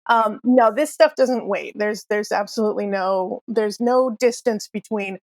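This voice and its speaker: A woman's voice: mid-range voice, a little slow, hardly any pauses, a little mellow, no room sound. A woman narrating as game master of a tabletop game, chatty with frequent laughs and fillers.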